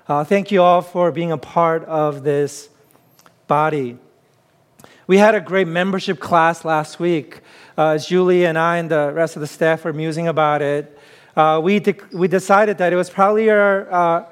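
A man preaching a sermon to his congregation in a relaxed, conversational way, often pausing on "uh", with playful asides that draw laughs. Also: a little high, clean tone. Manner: conversational preaching with frequent "uh" fillers. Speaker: pastor.

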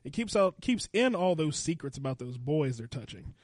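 High-voiced sarcastic podcast host man. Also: very animated, normal speed, darkish tone, no room sound, clean studio sound. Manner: sarcastic, crude joking. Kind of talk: casual comedy podcast chat.

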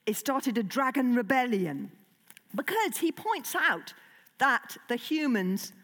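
A woman's voice: a little high, sing-song, slow, a bit bright. A woman, a children's author, giving a chatty, digressive talk to children, with many fillers. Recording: long hall reverb.

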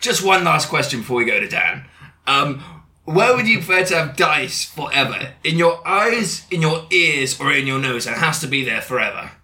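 A man guesting on a casual podcast, dropping dry puns and quips. His voice sits slightly high and sounds bright, with a lively rise and fall. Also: normal speed.

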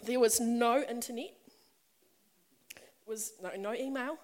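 Middle-aged female preacher, high voice, warm-chatty storytelling that swells into emphatic appeals. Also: takes it slowly. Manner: conversational and personal, building to emphatic passages. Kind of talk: sermon. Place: church or meeting hall with a congregation.

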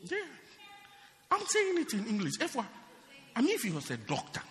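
Pastor guy, high sharp voice, shouts then goes quiet, long echo from the church hall. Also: moderate pace. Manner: animated, teasing, often shouting then dropping low. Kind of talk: sermon.

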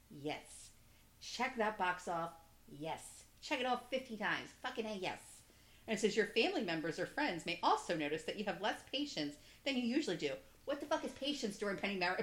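A woman in her early forties, her medium-pitched voice echoing with reverb, chats casually in a profane, animated rant full of swearing.

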